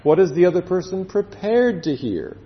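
Man, pastor, sermon, earnest, drawn-out emphasis, lively pitch, dull recording with long hall echo. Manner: earnest, with slow drawn-out emphasis and sudden drops to quiet. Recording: dull echoey hall sound.

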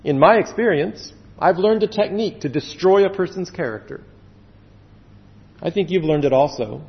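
A man preaching a sermon as pastor, earnest, stretching words for emphasis and dropping suddenly to a hush. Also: high voice, animated. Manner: earnest, with slow drawn-out emphasis and sudden drops to quiet. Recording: dull echoey hall sound.

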